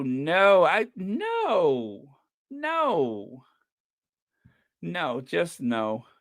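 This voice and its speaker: A livestream host talking slowly and casually into a desk mic while reading the chat aloud. The host laughs often and draws out long strings of no's. The sound is dry and close, with no room echo. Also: mid-range voice, a bit bright, smooth. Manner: chatty, laughs often, drawn-out repeated no's.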